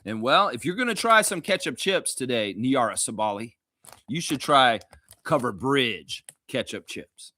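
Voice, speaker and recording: Bright, lively Canadian fan host. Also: male voice, mid-range voice, a little slow. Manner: loud, animated, swears freely, reads viewer comments aloud. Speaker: live stream host. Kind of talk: casual fan live-stream chat.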